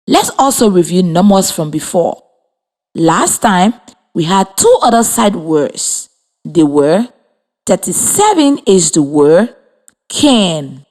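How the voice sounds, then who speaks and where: Woman radio teacher for a children's lesson, slow and sing-song, spells out words patiently. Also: fairly low pitch, big pitch swings. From Liberia. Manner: slow, clear and encouraging, spells words letter by letter. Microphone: radio studio mic.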